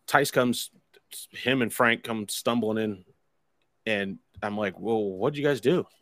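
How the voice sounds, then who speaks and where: A man's voice: fairly low pitch, slow pace, fairly bright tone, dry recording. A man casually telling a long, rambling anecdote, swearing freely and wry about it. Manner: profane, rambling, wry storytelling with quoted dialogue.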